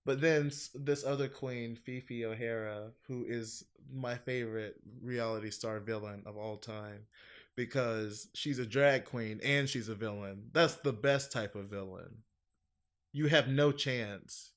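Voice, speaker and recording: A man chatting casually on a podcast, rambling and profane, laughing loudly and mimicking others in high exaggerated tones. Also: fairly even intonation, measured pace. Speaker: podcast co-host. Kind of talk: casual chat.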